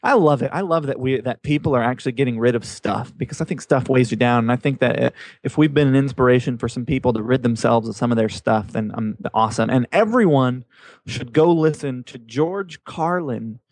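A man co-hosting a podcast in relaxed chat, upbeat and easygoing, calling his partner man and dude. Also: mid-range voice, brisk, no room sound. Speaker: podcast co-host.

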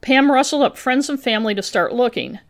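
A woman's voice: on the high side, lively intonation, a little fast. A woman hosting a podcast, reading her own true-crime script with casual asides to her co-host. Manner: reads a researched script with asides.

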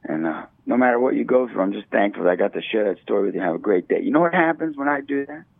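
Man, husky gravelly voice, excitable storyteller, phone-line sound, dry. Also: on the low side, quick pace, no echo. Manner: energetic, excitable, laughs while telling stories. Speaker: ministry leader, interview guest. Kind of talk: motivational storytelling.

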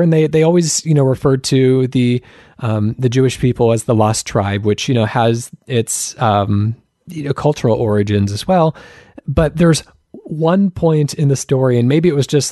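A man co-hosting a podcast, talking casually with frequent pauses and restarts. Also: mid-range voice, dark tone, no room sound, studio quality. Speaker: podcast co-host. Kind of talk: casual chat.

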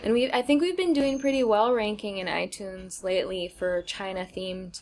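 A young woman co-hosting a podcast in casual chat, chatty and quick to laugh, often trailing off mid-sentence. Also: medium pitch, darkish tone. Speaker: podcast co-host.

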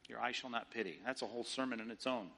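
A man's voice: mid-range voice, quick pace, gravelly, pushed and bright. A man preaching a sermon in an emphatic, rhetorical way, often mimicking the views he argues against. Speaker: pastor.

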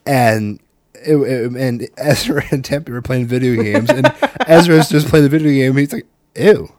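A dad in his thirties spins an animated, profane tale in loose casual chat, slipping into the voices of his kids and himself. His voice sits at an ordinary male pitch and comes across dry and close, with no room sound around it. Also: moderate pace, no room sound.

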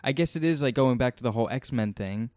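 A man's voice: mid-range voice, fairly quick, darkish tone, no room sound, clean studio sound. A man co-hosting a podcast in casual chat, rambling and laughing easily. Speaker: podcast co-host.

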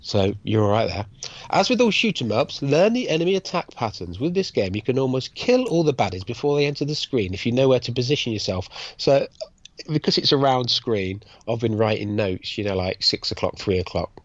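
A man's voice: mid-range voice, very animated, a little fast, dry recording. An English man co-hosting a podcast, chatting casually about arcade games and reading out tips in a jokey way. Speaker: podcast co-host. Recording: dull lo-fi dry sound.

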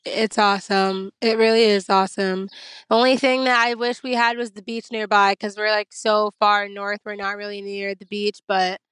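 A woman guest telling stories in a lively, casual way, laughing often, talking from a coffee shop over a remote call. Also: medium pitch, moderate pace, smooth, no room sound. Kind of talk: casual storytelling chat. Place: coffee shop in a small town.

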